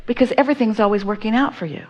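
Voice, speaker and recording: A woman with a highish voice talks rapid-fire, and the audio sounds dull. She's teaching a live seminar audience, speaking as "we" and often asking listeners to agree or checking that they're following.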